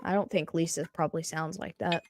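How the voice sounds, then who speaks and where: A woman co-hosting a live game reaction stream, calling plays with excitement and laughing often. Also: deep voice, a little fast, very noisy. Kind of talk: live play-by-play and casual reaction.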